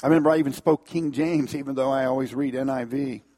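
A man's voice: medium pitch, steady tone, fast talker, mellow. A middle-aged man giving an earnest personal testimony to an audience, with his voice swelling at the key moments.

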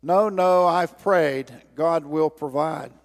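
A man's voice: fairly high pitch, slow, gravelly, big-room sound. A preacher putting on a stubborn old man. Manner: insistent, repeating himself.

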